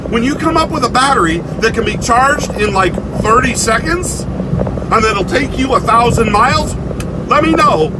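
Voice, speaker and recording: A man's voice: high voice, very noisy. A man delivering a blunt, angry opinion rant with swearing and sarcasm, recorded inside a vehicle. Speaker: vlogger.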